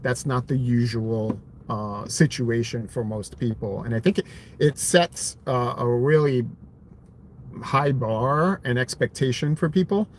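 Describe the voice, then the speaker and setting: A man's voice: medium pitch, a little slow, slight background noise. A man in his thirties talking casually on a live stream about his own story, rambling with lots of fillers and restarts. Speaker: vlogger sharing his hearing story.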